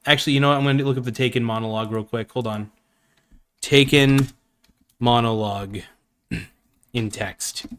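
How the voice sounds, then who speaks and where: Man, live stream host, casual chat, enthusiastic, rambling, jokey, mid pitch. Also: steady tone, normal speed, long pauses, fairly bright tone, clear, resonant tone.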